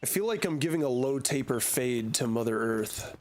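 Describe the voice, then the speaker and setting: A man's voice: medium pitch, animated, moderate pace, noisy background. A young man streaming a game, rambling and joking with casual swearing. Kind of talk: casual gaming commentary.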